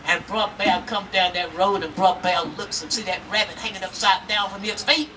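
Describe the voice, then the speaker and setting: A woman telling a folk tale to a live audience at an outdoor festival, lively and talking straight to her listeners. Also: mid-range voice, fairly quick. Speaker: storyteller. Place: outdoor town square festival. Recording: outdoor, mic far off, faint noise.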